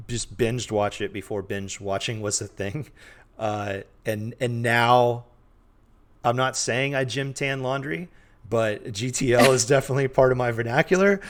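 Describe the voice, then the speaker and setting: A man's voice: mid-range voice, noisy background. A man co-hosting a podcast, chatting casually and self-deprecatingly with frequent restarts. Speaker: podcast co-host. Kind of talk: casual chat.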